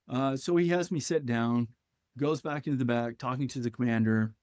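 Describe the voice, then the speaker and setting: A man's voice: medium pitch, normal speed, a little mellow, no echo, clean studio sound. A man telling stories from his time as a young Marine in a podcast conversation, acting out the officers and his younger self. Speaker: podcast guest, former Marine. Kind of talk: storytelling in conversation.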